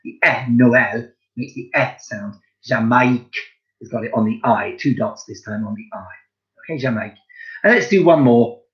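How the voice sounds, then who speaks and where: A man teaching a recorded home-learning lesson to young children, slow and encouraging, spelling out words letter by letter. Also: mid-range voice, fairly bright tone, highs cut off. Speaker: primary school teacher.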